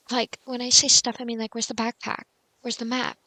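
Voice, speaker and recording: Woman host for a casual game tutorial: bright tone, a bit of fry, rambling and self-mocking. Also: on the high side, level tone, brisk. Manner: rambling and chatty, with filler words.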